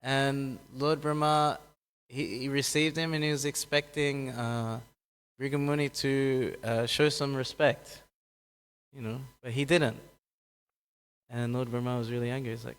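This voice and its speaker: Male speaker, mid-pitch, relaxed scripture storytelling with acted-out quotes and self-corrections, long hall reverb. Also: normal speed. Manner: acts out quoted characters with raised pitch, laughs often, corrects himself. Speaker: speaker giving a scripture class. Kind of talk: casual scripture talk with storytelling.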